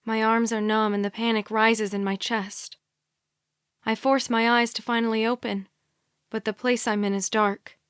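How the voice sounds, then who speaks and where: A woman narrating a young adult thriller audiobook in a quiet, measured first-person reading. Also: fairly high pitch, flat delivery, smooth, no echo, clean studio sound. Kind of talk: scripted narration.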